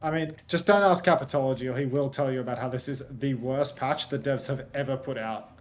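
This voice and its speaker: A man's voice: medium pitch, a little fast. A man doing esports play-by-play commentary with dry, sarcastic jokes.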